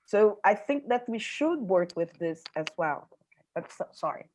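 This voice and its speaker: A woman's voice: medium pitch, animated, a little slow, a little mellow, poor audio. An older woman speaking as a panelist, reflective and often checking in with the listener. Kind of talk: panel discussion.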